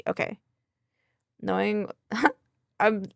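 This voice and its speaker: A woman streamer reads a document aloud into a close desk mic, adding chatty asides as she thinks out loud. Her fairly low voice is creaky and a little fast, with lively intonation. There's no room sound.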